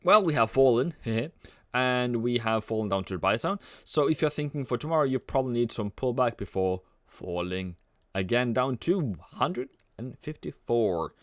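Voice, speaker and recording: Playful man, smooth dry voice. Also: mid-range voice, expressive, moderate pace, no room sound. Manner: playful, rambling, sings and jokes between chart calls. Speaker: forex trading streamer. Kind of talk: casual live-stream commentary.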